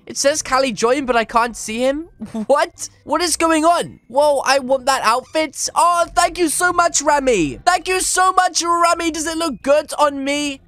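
Excitable high-voiced gaming host. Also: male voice, unhurried, few pauses, no room sound. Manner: excitable, reads chat aloud, swaps swears for "flipping". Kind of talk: energetic gameplay commentary.

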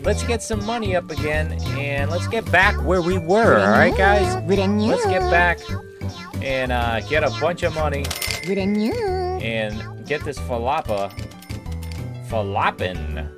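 Brief: lively woman gamer, slow unhurried talk that jumps into panicked yelling, loud game music under her. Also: low-pitched. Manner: excitable, shouts and squeals in panic. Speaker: gaming video host. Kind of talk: casual game commentary.

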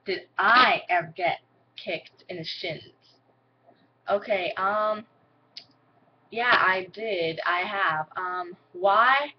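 A young woman talks casually to her camera at home, rambling and giggling, with "like" in almost every phrase. Her voice sits at an ordinary middle pitch. The home video sound is slightly dull and lo-fi, with a faint hiss underneath. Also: very slow. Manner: rambling, giggly, heavy use of "like". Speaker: vlogger.

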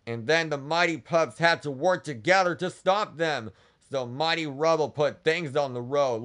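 A man retelling a cartoon story for kids as a channel host, stringing events together with "and then" in a halting way. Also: a little high, fairly bright tone.

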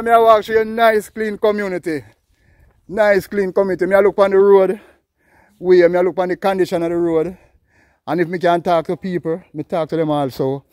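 A man's voice: high voice, normal speed. A Jamaican man chatting casually in patois as he walks a hillside road for his vlog, rambling and calling out greetings. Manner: lively, rambling patois talk, calls out greetings to passers-by. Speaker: vlogger. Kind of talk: casual walking vlog chat.

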